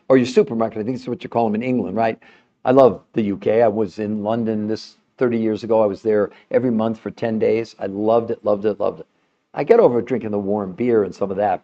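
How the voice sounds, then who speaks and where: An older man chatting with a caller in a loose, animated way. He often laughs and keeps saying her name. His voice is warm and mellow, and the audio is dull and lo-fi. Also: mid-range voice. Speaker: health show host talking to a caller. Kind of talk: casual live call-in chat.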